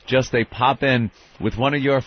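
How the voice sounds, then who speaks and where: A man co-hosting a radio talk show, joking and chiming in with quick remarks. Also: medium pitch, steady tone, a little hiss or hum. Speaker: radio co-host. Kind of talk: casual radio banter. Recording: muffled radio broadcast.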